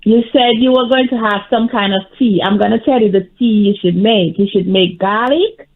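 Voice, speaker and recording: A woman in her forties calling in to a show with a polite, soft manner and a question. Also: medium pitch, moderate pace. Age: 40s. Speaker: caller. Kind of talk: phone-in question. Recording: tinny phone line.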